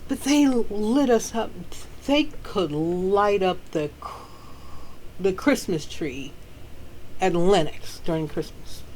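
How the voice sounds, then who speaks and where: Slow-talking Southern woman, sassy. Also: low voice, slight background noise, poor audio. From Southern United States. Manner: sassy, animated, laughs often. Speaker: author. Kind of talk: casual storytelling.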